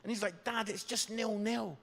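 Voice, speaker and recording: A Scottish pastor in his fifties tells a funny story from the pulpit, animated and fond of a questioning "yeah?". His voice sits high for a man and has a gravelly edge. It rings with the long reverb of a church hall. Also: normal speed, raised voice. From Scotland. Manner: animated, comic, tags lines with "yeah?". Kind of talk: sermon storytelling.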